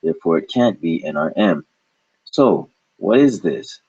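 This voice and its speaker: A man with a deep, slightly husky voice teaches a recorded language lesson. He explains patiently, posing questions and then answering them himself. The recording sounds dull and lo-fi. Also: expressive, a little slow, darkish tone.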